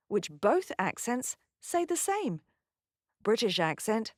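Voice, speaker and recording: A woman, a voice actor, giving a scripted pronunciation lesson with clear, careful enunciation. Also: on the high side, very animated, moderate pace, dry recording, clean studio sound.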